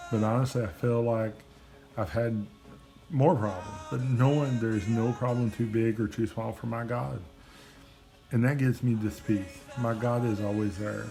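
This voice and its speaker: A man giving a personal testimony to a camera, earnest and emotional, often repeating himself. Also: medium pitch.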